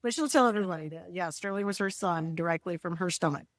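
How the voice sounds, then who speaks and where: A woman's voice: fairly low pitch, quick pace, no room sound. A woman comedian, a podcast guest, telling family stories in casual chat and mimicking relatives' voices. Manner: storytelling, mimics family voices, laughs often.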